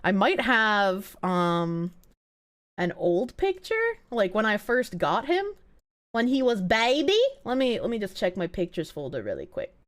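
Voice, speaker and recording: A woman chatting live on a stream with her viewers. Her voice sits a bit high and swings widely in pitch, and she breaks into excited squeals. She talks in a gushing way and swears freely. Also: takes it slowly. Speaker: livestreamer. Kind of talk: casual live-stream chat.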